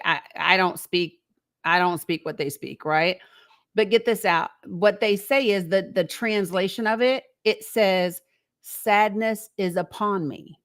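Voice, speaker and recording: Woman, live show host, reflective, conversational, rhetorical questions, mid pitch. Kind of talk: encouraging live-stream talk.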